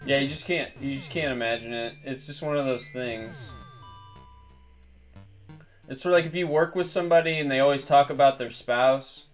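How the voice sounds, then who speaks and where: A man's voice: medium pitch, fairly even intonation, normal speed, faint music behind. A man streaming a game and rambling through a long story in casual commentary, trailing off and restarting often. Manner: rambling, digressive, with fillers and trailing off.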